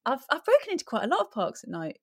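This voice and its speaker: A woman's voice: sits high, wildly swooping pitch, quick pace. A woman from England, a podcast guest, chatting casually and giggling often. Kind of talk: casual chat.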